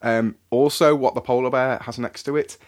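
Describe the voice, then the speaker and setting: A man's voice: mid-range voice, steady tone, normal speed. A young man co-hosting a podcast, chatting casually and telling stories with lots of "mate". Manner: chatty storyteller, says "mate" often. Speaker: podcast co-host. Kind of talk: casual chat.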